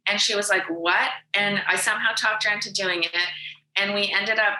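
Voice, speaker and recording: A woman in her forties from Canada, a podcast guest telling her life story in lively, animated fashion, acting out what she said back then. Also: medium pitch, brisk, reverberant, a little hiss or hum, low-quality recording. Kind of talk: storytelling in a casual interview.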